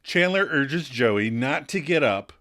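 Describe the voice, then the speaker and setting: A woman's voice: extremely low pitch, expressive, slow pace, fairly bright tone. A woman co-hosting a podcast in easygoing casual recap chat, laughing often. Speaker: podcast co-host.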